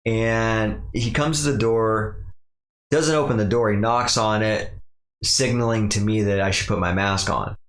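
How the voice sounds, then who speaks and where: A man's voice: lowish voice, measured pace, a bit bright. A young man hosting a podcast, rambling casually through a solo rant and mimicking other people in quotes. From Pacific Northwest. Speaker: podcast host. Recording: echoey room.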